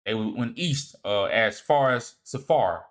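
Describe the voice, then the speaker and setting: A man presenting a video series lectures through slides, speaking expressively in a halting, emphatic way. He repeats and restarts words and often asks "all right?". He swings between emphatic rises and low, muttered asides.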